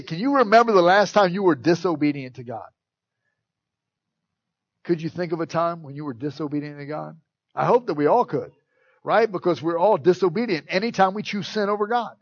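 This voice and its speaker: A middle-aged male pastor delivers an animated sermon, slipping into playful acted-out voices and jokes. His voice sits high for a man. The recording is dry and a little muffled. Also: no room sound. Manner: animated, acts out quoted voices, jokes with the congregation.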